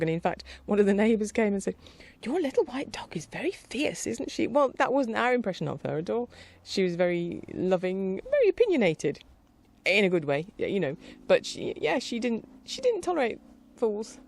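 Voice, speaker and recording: A middle-aged woman chatting casually in a rambling, warm-hearted way, with fillers and light laughter. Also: medium pitch, sing-song, normal speed. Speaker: vlogger. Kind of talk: casual chat.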